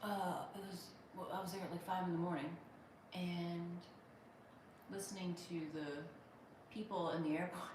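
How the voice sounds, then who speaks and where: On a casual livestream, a woman comedian from Pittsburgh reads viewer comments aloud and rambles chattily, restarting often. Her voice is on the low side with fairly even intonation and a moderate pace. It's recorded from a distance in a very echoey room, with a faint hum beneath.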